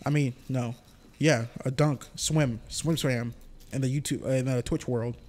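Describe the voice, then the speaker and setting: A man's voice: mid-range voice, fairly even intonation, unhurried, darkish tone. A young man casually commenting on his gameplay as a streamer, joking and talking to the game. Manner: chatty, jokey, talks to the game.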